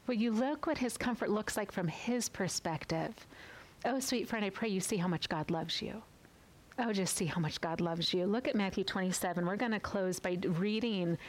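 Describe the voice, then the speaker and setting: A woman's voice: mid-range voice, rough recording. Earnest woman leading a Bible devotion. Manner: tender, earnest, slows down for scripture. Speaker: Bible teacher. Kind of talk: devotional teaching and prayer.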